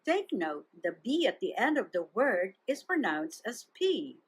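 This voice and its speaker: A woman's voice: mid-range voice, sing-song, breathy edge. A woman hosting a radio German lesson, repeating words and phrases for listeners. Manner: slow, drawn-out drill with repeated phrases. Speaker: German language segment host.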